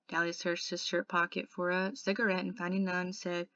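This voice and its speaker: A woman tutor reading a novel aloud in steady first-person narration. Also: on the low side, moderate pace, no room sound, lo-fi sound.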